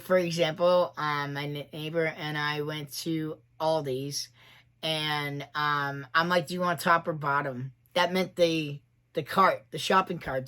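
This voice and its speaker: Here a livestream host, a trans man in his forties, chats casually, drifting between thoughts and frequently laughing at his own jokes. He speaks a little high, with a fairly bright tone.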